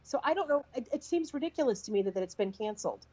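A woman co-hosting a casual talk show, reading news reports in a relaxed way, with fillers. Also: on the high side, fast, breathy edge, muffled recording. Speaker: co-host.

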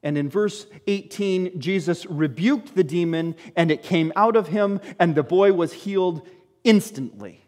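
Male pastor, high voice, lively sermon delivery with rhetorical questions, church hall reverb. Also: measured pace. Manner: animated, rhetorical questions, shifts between loud exclamations and low quiet asides.

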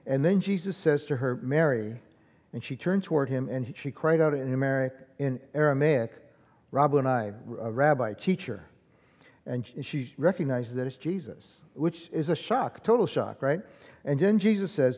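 A pastor preaching an Easter sermon in a conversational way, with frequent fillers. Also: male voice, a little high, moderate pace, darkish tone, in a large hall. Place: church sanctuary.

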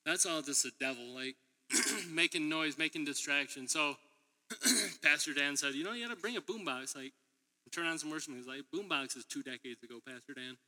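Here the man speaks a little fast, his voice on the high side, bright and forceful. A preacher who also teaches middle school, he's delivering a sermon in a church hall in a chatty storytelling style, frequently laughing and acting out dialogue. Long reverb from the hall is audible.

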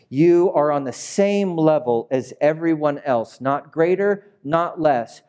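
A man's voice: on the high side, expressive, slow pace, few pauses, a little mellow, clean tone. A man preaching a sermon in a conversational way that builds to emphatic peaks. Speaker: pastor.

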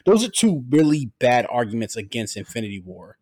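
Brief: male comics writer as podcast guest, mid-pitched, argues in a loose, profane way with many restarts. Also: very animated, a little fast, darkish tone. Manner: argumentative, restarts often, swears. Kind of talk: casual chat.

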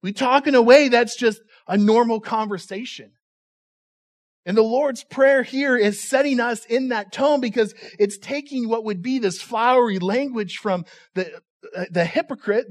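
A man's voice: extremely high pitch, normal speed. A male pastor giving a conversational, humorous sermon, often repeating words as he restarts.

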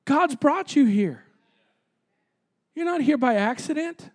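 A man's voice: very high-pitched, animated, takes it slowly. A man preaching a sermon as pastor, with impassioned, emphatic repetition.

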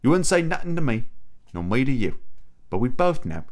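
A man putting on a thick Cockney accent as a wistful older English gentleman, speaking slowly and solemnly. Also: medium pitch, very animated, lightly acted. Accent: Cockney English, put on. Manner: slow, solemn, reminiscing.

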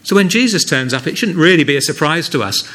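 A man's voice: fairly high pitch, lively intonation, fast, fairly bright tone. A man preaching a sermon in a church, earnest and conversational, often asking the listeners rhetorical questions.

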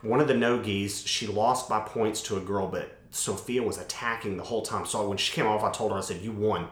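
A man's voice: lowish voice, steady tone, a little fast, a bit bright. A man and parent talking casually about his daughter, rambling with lots of fillers. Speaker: parent of a young athlete. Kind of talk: casual chat. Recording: echoey room.

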